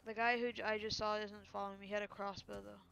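Fast-talking, gravelly young gamer guy. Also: sits high, dull audio. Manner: quick, excitable, jumps between thoughts. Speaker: streamer playing a survival game. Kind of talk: casual gaming chat over voice call.

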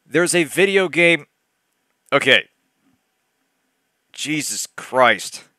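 A man's voice: fairly high pitch, animated, very slow, pushed and bright, dry recording. A young adult man reading a bad novel aloud for a stream, breaking off into exasperated, laughing commentary. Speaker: let's play host reading a bad novel. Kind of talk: comedic reading aloud with asides to chat.

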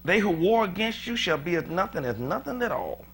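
A male pastor preaching in a church with a bright, lively voice that ranges widely in pitch. He turns from scripture to shouted, fervent declarations and talks straight to his congregation. A faint hiss sits under the recording. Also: fairly quick. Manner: animated, conversational, with asides to the congregation. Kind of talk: sermon. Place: church sanctuary.

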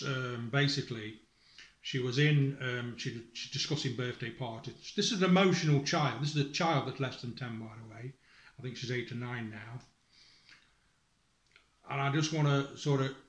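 A man's voice: medium pitch, a bit bright. Distressed angry man, swearing father, reading a report aloud, echoey room. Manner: angry, accusing, swears, restarts sentences. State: distressed and emotional. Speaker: father addressing his family online. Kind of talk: emotional direct-to-camera appeal, reading from a school report.

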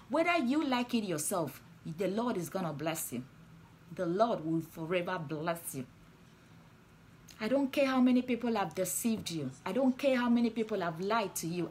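Over soft background music, a woman preaches and prays on a livestream, repeating fervent declarations. Her voice is medium in pitch, with a faint hiss or hum in the audio.

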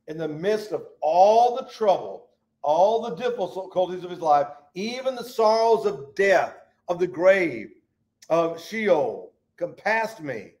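A man leading a Bible study, preaching fervently in a folksy way and swinging between loud and hushed. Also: sits high, lively intonation, slow.

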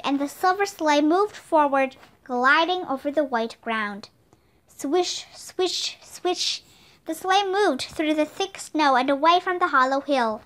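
A woman narrating a children's storybook with steady, expressive reading. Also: high-pitched. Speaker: audiobook reader.

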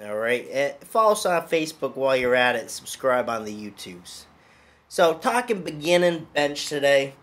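A man's voice: medium pitch, sing-song, normal speed, fairly bright tone. A man hosting a casual strength-training podcast as a coach, talking in an upbeat, loose, conversational way.

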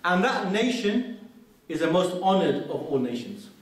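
A man's voice: high-pitched, big pitch swings, unhurried. A man giving an earnest mosque lecture, telling a story and reciting Arabic quotations. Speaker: preacher. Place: large mosque hall. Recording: very echoey hall, speaker far from mic.

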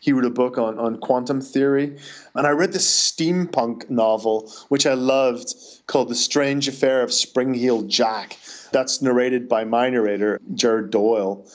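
Speaking at a typical mid-range pitch, a man from Northern Ireland, an author, gives relaxed interview answers full of stories. He's anecdotal and talkative, with quick restarts along the way.

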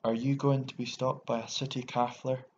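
A man voicing a drunk, hot-tempered young rebel commandant who shouts and swaggers, on a dull lo-fi recording. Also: mid-range voice, flat delivery, normal speed, close to an everyday voice. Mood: furious. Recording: dull lo-fi recording with faint hiss.

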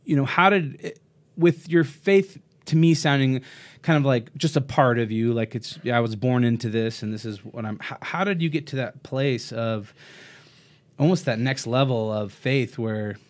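A man's voice: mid-range voice, moderate pace. A man hosting a podcast interview, asking friendly, rambling questions and laughing along. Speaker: podcast host. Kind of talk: casual interview chat.

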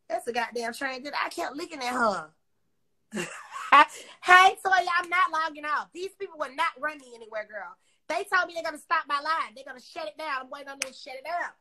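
Brief: loud-mouthed woman livestreaming from her phone, high bright voice, crude and mocking. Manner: brash, profane, mocking. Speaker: Instagram live host. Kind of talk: casual trash-talking livestream.

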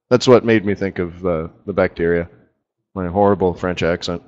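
A middle-aged forex market strategist hosts a casual live trading webinar, chatting in a rambling way with asides about his screen tools. His deep voice is animated and a little mellow at normal speed, though the audio is poor.

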